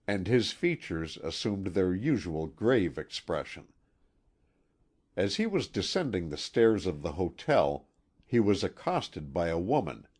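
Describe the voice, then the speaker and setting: A man narrating a classic novel aloud in a measured, expressive way. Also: deep voice. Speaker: audiobook narrator.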